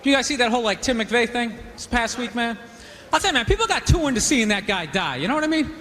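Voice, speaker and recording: A man doing a stand-up comedy set on a club stage, rambling and animated with constant "you know" asides. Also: extremely high pitch, fast, slight background noise. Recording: live club recording with reverb and crowd.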